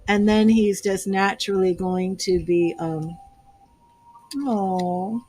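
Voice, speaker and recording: A woman's voice: medium pitch, steady tone, slow, mellow, breathy edge. A woman giving a live tarot reading, talking earnestly and gushing with emotion, a little teary-eyed. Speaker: tarot reader.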